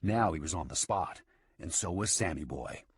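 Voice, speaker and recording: Man narrating a western audiobook, low voice, husky, dry close sound. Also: animated, moderate pace, no echo.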